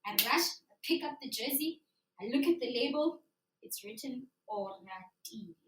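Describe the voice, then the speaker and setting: High, bright young woman telling a story on stage. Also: normal speed. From South Africa. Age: young adult. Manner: animated, acts out her younger self and teacher. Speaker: student storyteller. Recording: echoey hall from far off.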